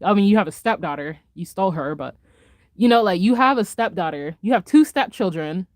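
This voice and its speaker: A young adult woman live streamer, ranting in a casual, animated way with lots of slang and laughter while she reads chat. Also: mid-range voice, dry recording, studio quality. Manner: animated, fast-talking rant with frequent laughter and slang.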